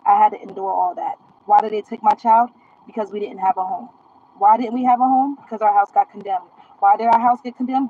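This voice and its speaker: A woman's voice: mid-range voice, narrow, tinny audio, slight background noise. A woman streaming live from her phone, ranting in a defiant, boastful, profane way. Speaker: social media live streamer. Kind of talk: casual live-stream rant.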